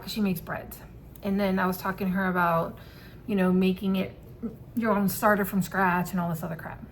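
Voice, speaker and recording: A woman telling a personal story to camera in a casual vlog, candid and quick to swear and laugh. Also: mid-range voice, slight background noise. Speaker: vlogger.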